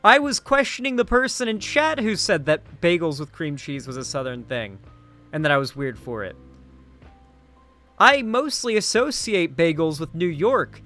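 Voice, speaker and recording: Man, slightly high voice, casual stream chat, rambling, tired, soft music underneath. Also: animated, normal speed. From United States. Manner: rambling, heavy on fillers. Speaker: streamer and commentator.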